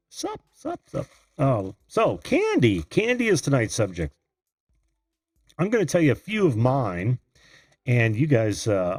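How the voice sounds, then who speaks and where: A man's voice: mid-range voice, creaky, darkish tone, husky, dry recording, studio quality. A man from Indiana hosting a live video call-in show, chatting casually, laughing often and greeting viewers by name. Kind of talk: casual live-stream chat.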